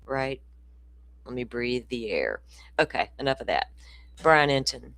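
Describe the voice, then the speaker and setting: Her voice is extremely low yet very animated, unhurried, and fairly bright. The host, a Southern-accented woman from Florida, runs a casual true crime stream, chatting, laughing, and telling loose stories with asides for her viewers.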